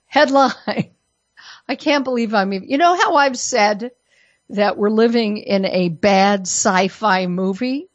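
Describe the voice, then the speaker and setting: A woman's voice: mid-range voice, slow, no room sound, lo-fi sound. A woman from Colorado giving an opinion monologue as a commentator, full of sarcastic, mock-innocent asides. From Colorado, USA. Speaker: political commentator.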